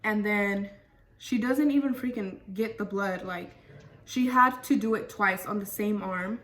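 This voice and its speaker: A woman's voice: mid-range voice, measured pace, a bit bright. A young woman vlogger telling a casual storytime, chatty and full of fillers. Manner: chatty, lots of fillers and "freaking". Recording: voice a bit far from mic.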